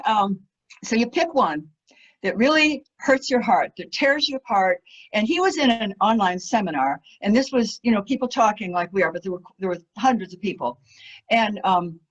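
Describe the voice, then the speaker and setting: A woman giving an enthusiastic storytelling talk as a guest speaker, animated, laughing often, with many fillers. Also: on the high side. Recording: muffled lo-fi audio.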